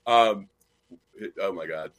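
A man co-hosting a casual chat, telling animated stories and acting out the people he quotes. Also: sits low, slow pace. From Nashville. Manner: animated storyteller, acts out quoted voices. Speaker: co-host.

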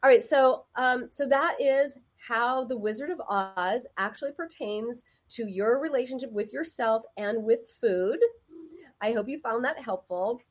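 A woman's voice: on the high side, a little slow. A woman therapist giving advice in a casual, conversational way, often acting out the voices of people she quotes.

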